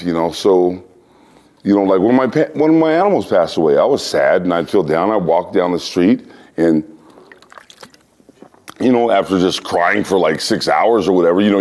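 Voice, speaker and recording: Brief: a very low, mellow male voice, an interview guest who spins animated, playful anecdotes. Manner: animated storyteller, acts out voices and sounds.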